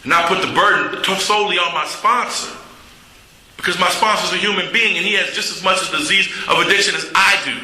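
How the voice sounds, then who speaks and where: A middle-aged man shares his recovery story at a meeting, plainspoken and candid with touches of humor. His voice is a little high with a sharp tone, and the hall is echoey.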